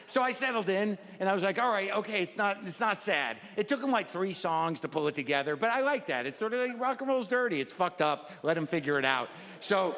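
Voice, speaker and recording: A man in his sixties doing a stand-up routine, neurotic and self-deprecating, jumping into high mocking voices. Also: a bit bright. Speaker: stand-up comedian. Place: large comedy venue with live audience. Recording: roomy stage recording with crowd laughter.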